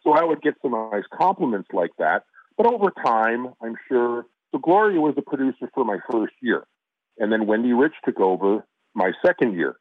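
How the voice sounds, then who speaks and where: A middle-aged man from Chicago, an actor guest telling stories in a relaxed, casual interview, often restarting his sentences. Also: medium pitch, normal speed, no echo. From Chicago, USA. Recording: dry, phone-like line.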